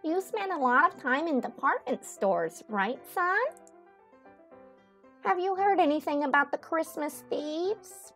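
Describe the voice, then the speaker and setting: A woman voicing a calm young male pigeon in a game, reassuring and laid-back. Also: high-pitched, unhurried, faint music behind, voice pushed up, exaggerated voice. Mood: easygoing.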